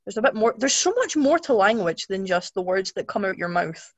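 A woman's voice: medium pitch, animated, fairly quick, no echo. A young woman with a Scottish accent, chatting casually as a guest, rambling with many restarts. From Scotland. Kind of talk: casual chat.

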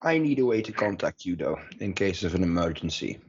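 A man voicing a guarded female rogue bargaining with a crime boss, measured and probing. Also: low voice, very animated, a little mellow, slight background noise. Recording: muffled lo-fi mic.

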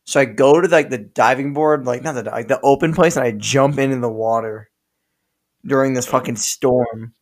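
A young man telling stories on a podcast, rambling and profane, stopping to laugh at himself. His voice sits at an ordinary middle pitch for a man. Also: normal speed. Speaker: podcast co-host. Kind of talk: casual storytelling chat.

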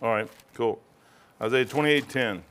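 A man's voice: mid-range voice, a little slow, fairly bright tone, smooth. A man, a pastor, teaching a casual Bible study in a rambling, conversational way, often throwing in "man.".

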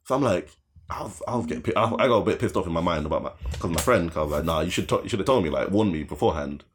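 A man's voice: low-pitched, animated, racing, slight background noise. A young man telling a long story in casual podcast chat. He rambles, swears, laughs often and acts out the voices in his story.

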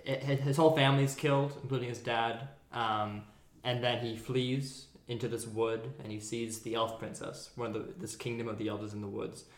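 A man's voice: medium pitch, level tone, normal speed, roomy sound. A man co-hosting a podcast, explaining at length in a nerdy, casual way. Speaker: podcast co-host. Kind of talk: casual chat.

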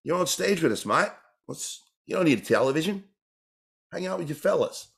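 A man's voice: on the high side, lively intonation, moderate pace, gravelly, a bit bright, pitched above the performer's own voice. A man voicing a boisterous Australian bloke with an Australian accent, cajoling his mates to come out for a beer. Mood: jovial. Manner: hearty, slangy, cajoling.

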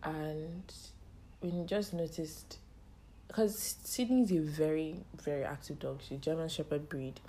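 A young woman hosting a podcast, telling a personal story in a halting, tearful way with a strained, choked-up voice. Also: lowish voice, dark tone. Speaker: podcast host. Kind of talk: personal monologue.

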